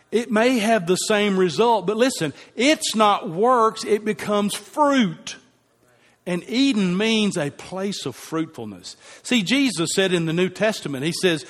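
A man's voice: high voice, a bit bright. A man preaching a sermon to a congregation, emphatic and repeating key phrases for effect. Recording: long hall reverb.

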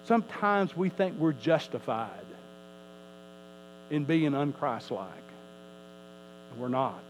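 A man's voice: mid-range voice, slight background noise, low-quality recording. A male pastor preaching a sermon, emphatic, his voice rising and falling, often repeating words as he teaches.

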